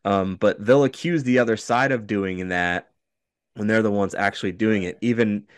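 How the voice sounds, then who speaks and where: A man's voice: lowish voice, normal speed, clear, resonant tone, dry recording. A man co-hosting a podcast in casual chat, hesitant, with many restarts.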